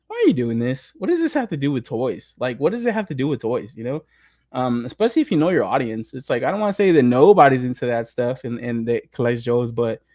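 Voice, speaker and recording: A man's voice: mid-range voice, dry recording, studio quality. Profane laughing man ranting casually. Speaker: podcast host. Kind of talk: casual chat.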